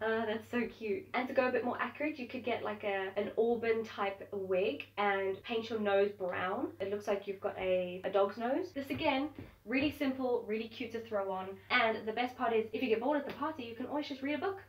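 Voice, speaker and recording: A woman's voice: on the high side, a little fast. Chatty young woman, roomy distant sound. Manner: chatty and upbeat. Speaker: vlogger. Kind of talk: casual to-camera chat. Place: at home indoors.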